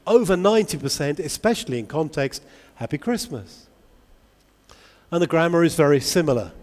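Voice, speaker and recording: A man giving a lively conference talk to English teachers, asking the audience many questions. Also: a little high, moderate pace. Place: large convention hall. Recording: long hall reverb.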